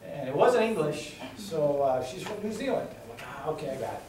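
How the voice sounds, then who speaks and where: A middle-aged man campaigning for a congressional seat speaks in a sing-song voice on the high side, a bit fast, telling down-home stories and restating his points for emphasis. The background is noisy, and the distant recording echoes around an indoor meeting room.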